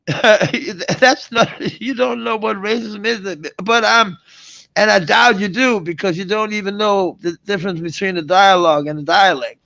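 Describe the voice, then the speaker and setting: A middle-aged man rants into his vlog in a rambling, mocking, profane way, chuckling between jabs. His voice sits high for a man and carries a gravelly rasp. He talks at an unhurried pace. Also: pushed and bright, no room sound. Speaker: vlogger. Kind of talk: ranting vlog monologue.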